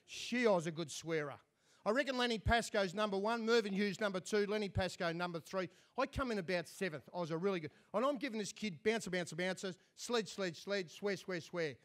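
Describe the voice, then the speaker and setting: High-pitched Australian man telling yarns. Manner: dry self-mocking storyteller. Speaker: after-dinner speaker. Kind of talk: comic after-dinner storytelling.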